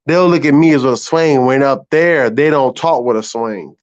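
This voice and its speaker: A man's voice: medium pitch, normal speed. A man in his thirties from South Carolina, with a Southern US accent, chatting casually on a stream, drawling and swearing freely. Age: 30s. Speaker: guest on a live stream panel. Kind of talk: casual chat. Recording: dull lo-fi call audio.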